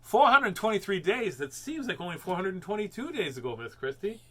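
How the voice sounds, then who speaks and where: The voice sits high with big pitch swings, a brisk pace and a breathy edge. It belongs to a man hosting a home children's book reading show, rambling casually with jokes and lots of fillers.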